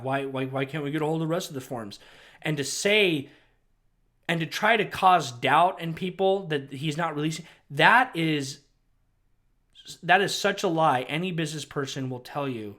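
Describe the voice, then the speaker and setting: High-voiced man ranting over a clip. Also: a bit bright. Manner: agitated, ranting, repeats and restarts. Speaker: commentator reacting to a news clip. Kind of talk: heated commentary.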